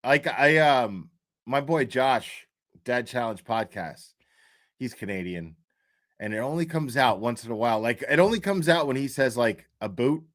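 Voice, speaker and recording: A man's voice: medium pitch, animated, normal speed, fairly bright tone. A man hosting a casual livestream, rambling loosely with lots of fillers and easy laughs. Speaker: livestream host.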